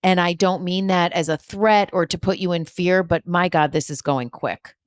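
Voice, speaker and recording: A woman's voice: on the low side, normal speed, clear, resonant tone, no echo, studio quality. A woman hosting a spiritual podcast, giving an emphatic, repetitive motivational talk with blunt swearing and humor. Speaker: spiritual medium and podcast host.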